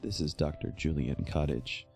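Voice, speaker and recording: A man voicing a cold doctor who narrates experiment records in a slow, measured way, with music behind. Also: very deep voice, creaky, a little mellow, voice pushed down. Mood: clinical.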